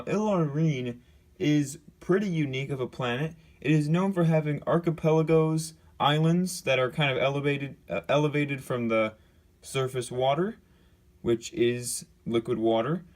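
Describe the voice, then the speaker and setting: A young man casually showing off his LEGO build to his viewers, talking it through with fillers and self-corrections. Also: fairly high pitch. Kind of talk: casual show-and-tell narration.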